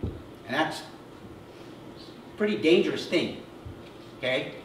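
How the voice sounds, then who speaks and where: High-voiced pastor in an echoey church. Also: male voice, lively intonation, slow. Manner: conversational preaching, often checks in with a short "okay?". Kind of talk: sermon. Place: church sanctuary. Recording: echoey church sound heard from a distance with faint noise.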